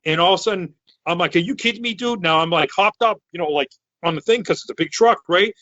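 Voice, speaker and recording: Man, thirties, from Massachusetts, loud rambling storyteller, forceful bright voice, dry dull lo-fi sound. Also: high voice, quick pace, no room sound. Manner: loud, excitable, rambling with restarts. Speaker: podcast co-host. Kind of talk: casual storytelling chat.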